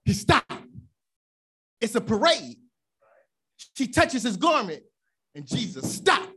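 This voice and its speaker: High-voiced woman preaching with fire. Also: sing-song, slow pace, slightly rough. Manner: impassioned shouting preaching with repeated refrains; rhythmic call-and-response cadence. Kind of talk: sermon.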